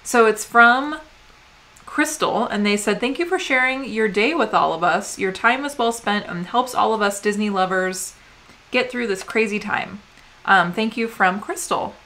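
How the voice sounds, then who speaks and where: A woman's voice: mid-range voice, a little slow, bright, forceful tone. A woman in her thirties from the United States, co-hosting a vlog and chatting casually while reading viewer mail with lots of "um"s. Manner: chatty, rambling, often says "um". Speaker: vlog co-host.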